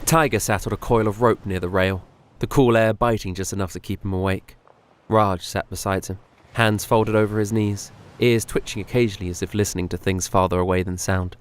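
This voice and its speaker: A man narrating a fantasy story in a measured, soft-spoken, descriptive scripted style. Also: low voice, smooth.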